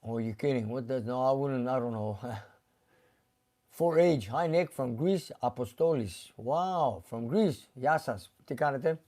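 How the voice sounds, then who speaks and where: A man's voice: medium pitch, expressive, measured pace, warm tone. A man hosting a casual live stream from a garage, reading viewer comments aloud and chatting about them, sometimes slipping into Greek. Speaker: host reading live chat. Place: car garage shop.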